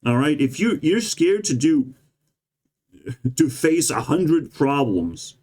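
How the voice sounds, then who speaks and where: A man's voice: fairly high pitch, sing-song, slow, darkish tone. A man delivering a rambling, profane and sarcastic monologue as a vlogger. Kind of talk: ranting monologue.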